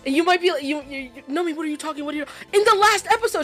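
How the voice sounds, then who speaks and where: A loud, excitable woman commenting on a live game playthrough, her voice fairly high and swinging widely in pitch. She swears and laughs freely, with faint game music under her. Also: fast talker. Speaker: streamer.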